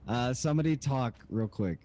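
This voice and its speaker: A man's voice: mid-range voice, expressive, moderate pace, mellow. A man co-hosting a podcast, chatting casually in a laid-back way. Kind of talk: casual chat.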